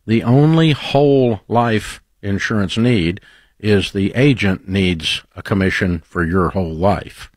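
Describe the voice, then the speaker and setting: Dry low-voiced male radio host. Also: dry recording. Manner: brisk, blunt questioning with teasing humor. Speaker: radio talk show host. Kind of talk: call-in advice talk.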